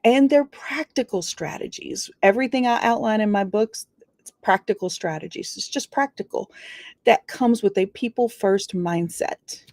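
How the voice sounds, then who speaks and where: A woman's voice: medium pitch, normal speed, darkish tone, dry recording, clean studio sound. A woman giving an earnest motivational talk on leadership, stressing key words and drawing them out. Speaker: leadership speaker. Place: studio.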